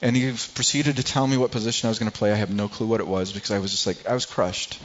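A man preaching a sermon, telling a personal story in a halting way, often repeating words and growing quiet at painful moments. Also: fairly low pitch, fairly even intonation. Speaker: pastor. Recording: slightly dull lo-fi sound.

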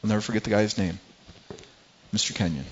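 A man preaching a sermon, telling a personal story in a halting way, often repeating words and growing quiet at painful moments. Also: lowish voice, a little hiss or hum. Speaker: pastor. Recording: slightly dull lo-fi sound.

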